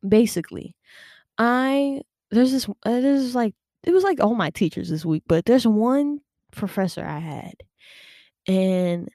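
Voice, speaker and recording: A young woman talks casually on her podcast, chatty and animated with plenty of fillers and quick laughs. Her voice is dark and mellow with a gravelly edge, recorded close and dry. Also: medium pitch, no room sound. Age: young adult. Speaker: podcast host. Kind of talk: casual personal storytelling.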